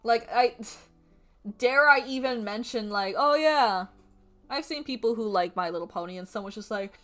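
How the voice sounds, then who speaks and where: A young adult woman streamer chatting casually while drawing, animated and profane, often laughing. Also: fairly high pitch, normal speed, faint music behind. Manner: animated, swearing, laughing, quoting people in mock voices.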